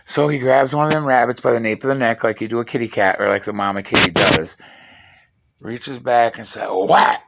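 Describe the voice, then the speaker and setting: A man talking fast in a rambling, profane, digressive vlog monologue from his half-built shed at night. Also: medium pitch, steady tone, heavy background noise. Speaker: vlogger.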